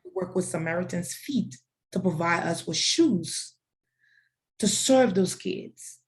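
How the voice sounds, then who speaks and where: A woman's voice: lowish voice, expressive, slow. A woman raised in Africa, a foundation founder, answering interview questions about faith and purpose in an earnest, declarative way with preacher-like repetition.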